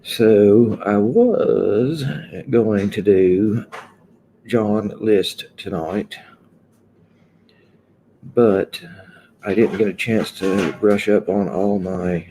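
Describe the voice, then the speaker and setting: Guy doing a casual livestream, lowish mellow voice, just chatting and saying hi to everyone. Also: drawn-out words, long pauses, a little hiss or hum. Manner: chatty, greets viewers one by one. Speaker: livestream host. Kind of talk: casual live chat with viewers. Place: indoor room.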